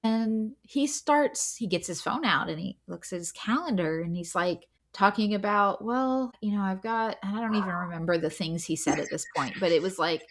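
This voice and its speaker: A woman's voice: medium pitch, moderate pace, hardly any pauses. A woman co-hosting a podcast, telling a story in casual chat, chatty and full of fillers, often breaking into laughter. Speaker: podcast co-host.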